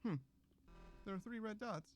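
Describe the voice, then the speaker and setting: Casting: joking let's-play streamer, rambling, slightly high voice, soft music behind. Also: male voice, moderate pace. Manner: playful, joking, rambling asides. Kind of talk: gameplay commentary.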